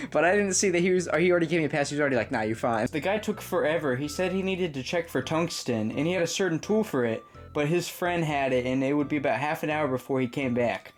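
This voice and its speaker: Brief: man, slightly higher voice, comic storyteller who laughs through his lines, faint music underneath. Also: lively intonation, quick pace. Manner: laughs often, reads both sides of chats. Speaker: prank storyteller reading chats. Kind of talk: comedic storytelling, reading messages aloud.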